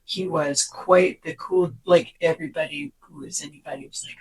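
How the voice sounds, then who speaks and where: A podcast co-host chats casually while summarizing from notes, animated and sometimes slipping into a whisper for quoted lines. The voice sits at medium pitch with a moderate pace and a slightly rough texture, captured in a rough recording.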